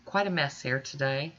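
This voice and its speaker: A woman's voice: extremely low pitch, sharp tone, highs cut off. A woman with stuffy, congested sinuses, chatting reassuringly to viewers as she walks through a nail art tutorial at home. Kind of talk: casual step-by-step tutorial narration.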